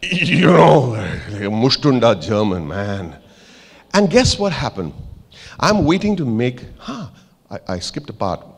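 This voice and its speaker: A long reverb tail trails this man's lowish, somewhat slow voice. Speaking with an Indian English accent at a motivational keynote, he tells a story vividly, playing out its characters and joking with listeners.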